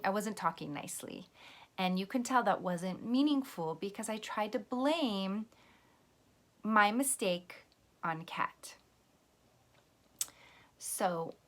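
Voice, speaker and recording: Gentle woman teaching young children. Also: medium pitch, measured pace, long pauses. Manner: gentle, patient, explaining step by step; acts out sample apologies to a pretend friend. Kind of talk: lesson for children.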